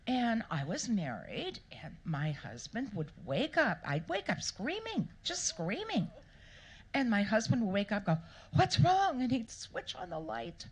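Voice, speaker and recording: A woman author answering questions at a live event, telling stories in a playful, animated way and acting out the people she quotes. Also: mid-range voice, measured pace, husky. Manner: animated, playful storyteller who acts out quotes. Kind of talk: storytelling interview answers. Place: live Q&A event before an audience.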